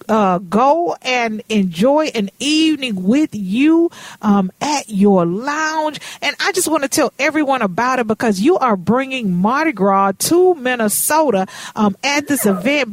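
A woman's voice: high-pitched, no room sound. A woman hosting a radio talk show, chatting casually with folksy turns of phrase.

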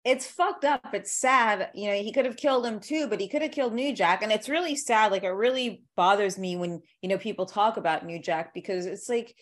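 A woman's voice: mid-range voice, fairly quick, few pauses. Blunt, profane woman podcast host. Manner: blunt and profane, laughs often. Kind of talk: casual chat.

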